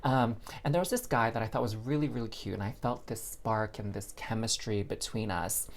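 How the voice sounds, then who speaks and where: Speaking a little fast in a lowish voice, a tarot reader chats expressively through a casual reading. He addresses his audience like friends, using "girl" and "y'all."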